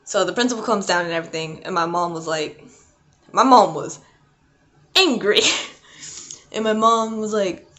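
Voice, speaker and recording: A woman's voice: mid-range voice, normal speed, long pauses, a bit bright. A young adult woman vlogging a casual storytime, rambling and chatty with lots of "like" and "um". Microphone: not her usual mic.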